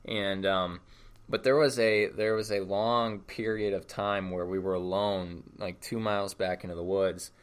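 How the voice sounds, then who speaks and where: A man's voice: sits low, flat delivery, a little slow, smooth. A young man in casual podcast conversation as a guest, easygoing, often repeating words as he restarts a thought. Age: young adult.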